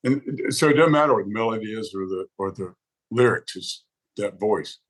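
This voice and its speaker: A man talks in a relaxed interview, his voice low and husky. He tells his stories with animated quoted reactions. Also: normal speed, low-quality recording. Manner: animated storyteller who acts out quoted reactions. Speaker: podcast guest, songwriter advocate. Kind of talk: casual interview conversation.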